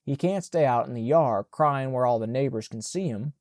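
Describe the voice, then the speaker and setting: A man's voice: mid-range voice, normal speed, darkish tone, no room sound, studio quality, lightly acted. A man voicing an elderly woman housekeeper who scolds and soothes in a Southern dialect. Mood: scolding.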